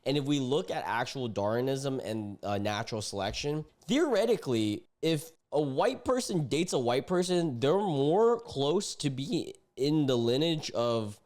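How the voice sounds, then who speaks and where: A man's voice: medium pitch, animated, unhurried, few pauses, a little mellow. A young man streaming, reacting to online posts in casual, slangy commentary, often indignant.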